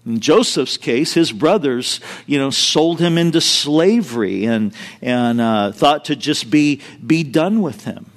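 A man's voice: medium pitch, animated, a little slow, hardly any pauses. A middle-aged man preaching a sermon, earnest and emphatic, weaving in personal stories. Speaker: pastor.

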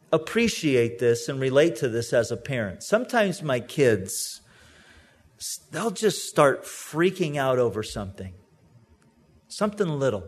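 High-voiced pastor, slow and steady. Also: male voice. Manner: humorous, storytelling, reads scripture slowly. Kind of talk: sermon.

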